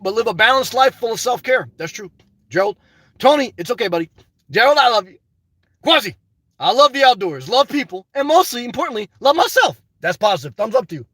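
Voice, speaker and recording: An older man with a very high, bright voice chats on a live stream, answering viewers one by one. He talks bluntly and unfiltered, with plenty of swearing, and the sound is close and dry with no room echo. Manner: keeps answering viewers by name. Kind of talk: casual live-stream chat, reading viewer comments.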